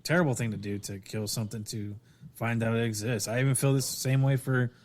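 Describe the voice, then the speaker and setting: A man's voice: mid-range voice, fairly even intonation, a little fast, a little mellow. A man co-hosting a podcast, telling a story in casual chat with many restarts. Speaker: podcast co-host.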